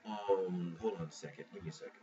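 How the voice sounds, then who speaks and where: A man's voice: deep voice, fast talker. Rambling, profane man reviewing manga, distant mic. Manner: rambling, profane, restarts a lot. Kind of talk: casual spoken review. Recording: muffled lo-fi mic from a distance, faint hiss.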